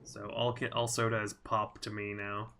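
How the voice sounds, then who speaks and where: A man's voice: lowish voice, flat delivery, normal speed, gravelly, pushed and bright, slight background noise. A man from Southern Indiana hosting a let's play, chatting casually and rambling as he plays and reads chat. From Southern Indiana, USA. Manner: rambling, self-deprecating, reads chat aloud. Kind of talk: casual gameplay commentary.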